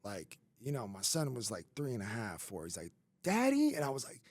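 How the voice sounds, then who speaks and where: In a dry recording, a man in his thirties tells his life story on a podcast, candid and rambling, full of fillers and swearing. His voice is fairly low and expressive, and he talks a little fast.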